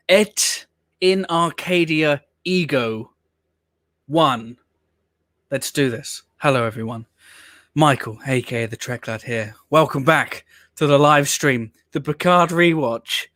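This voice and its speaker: A man's voice: fairly high pitch, a bit bright, no echo, studio quality. A man hosting a casual live stream watch-along, talking in a theatrical, mock-weary way.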